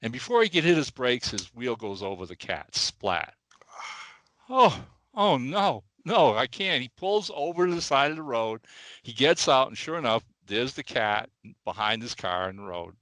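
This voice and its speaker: Bright-voiced animated male podcast host. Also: mid-range voice, moderate pace, no room sound, rough recording. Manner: animated, repetitive restarts. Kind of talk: casual podcast chat, telling a joke. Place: studio.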